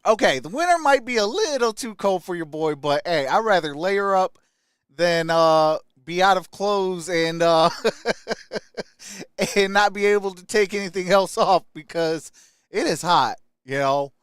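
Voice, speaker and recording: A young adult man from Michigan hosting a casual sports live stream, greeting chat viewers by name with upbeat shout-outs. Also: high voice, a little slow, clear, resonant tone, dry recording, clean studio sound.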